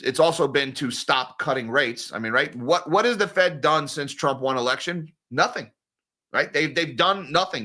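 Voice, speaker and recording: A man's voice: a little high, sharp tone. A man hosting a casual livestream, talking bluntly and sarcastically with a sore throat, reading and answering viewer comments. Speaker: host.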